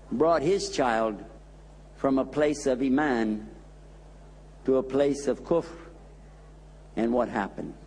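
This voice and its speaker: A man's voice: on the high side, a little mellow, slightly rough, long reverb tail. A man, an imam, giving a sermon in an emphatic storytelling manner.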